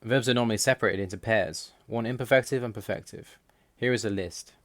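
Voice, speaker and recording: Man, lower voice, measured voice-over explainer for a language lesson. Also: no room sound. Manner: measured, reads out word lists slowly. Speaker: language learner explaining Russian.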